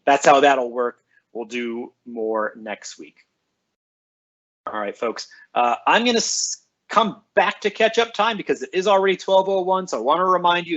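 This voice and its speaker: A school librarian chats casually with students on a live stream, cheerfully reading out their names and comments and answering them. His voice is fairly high and a bit bright, with lo-fi sound.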